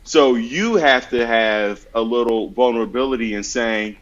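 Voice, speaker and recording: Man, podcast guest, earnest advice, storytelling, mid-pitched voice, dull lo-fi audio. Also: a little slow. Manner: earnest, storytelling with acted-out examples. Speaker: podcast guest giving mental health advice. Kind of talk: conversational advice with anecdotes.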